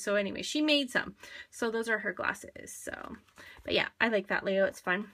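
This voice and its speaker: A woman talks through her craft pages in a relaxed, chatty way, drifting between asides and small fillers. Her voice is bright and forward, sitting at an everyday middle pitch for a woman. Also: a little slow. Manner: chatty, rambling, many fillers. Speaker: scrapbooking vlogger. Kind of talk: casual show-and-tell chat.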